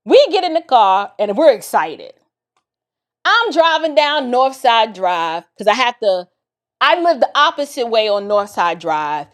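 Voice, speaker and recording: A woman from the Bronx telling a personal story in a casual, expressive way, talking straight to her listeners. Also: on the high side, measured pace. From the Bronx, New York. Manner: animated and expressive, addresses listeners directly.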